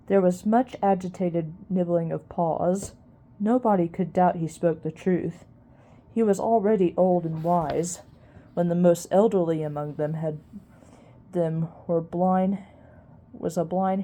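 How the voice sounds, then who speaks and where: A woman reading a children's novel aloud at an unhurried pace, with small restarts. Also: lowish voice, mellow. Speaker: reader.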